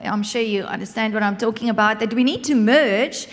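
High-voiced woman laughing through a story. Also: fairly quick. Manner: expressive, laughs often. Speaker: speaker sharing a marriage story. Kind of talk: humorous storytelling to an audience. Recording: echoey hall.

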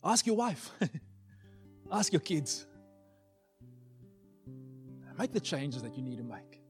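A man in his forties preaching a sermon in a church, telling his story dramatically and swinging from loud, excited lines to hushed ones. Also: a little high, slow, over music.

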